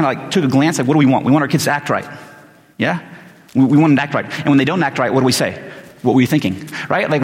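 A man preaching a sermon in a loose, conversational way, full of fillers and rhetorical questions. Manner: conversational, many fillers, rises in pitch when excited. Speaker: pastor. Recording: reverberant hall.

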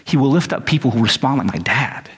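A man delivers a sermon in a casual, storytelling way, his voice sitting at an ordinary middle pitch. He talks conversationally and gets animated, quick and high when acting out his own side of the story. His voice rings out with the long reverb of a large hall. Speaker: pastor.

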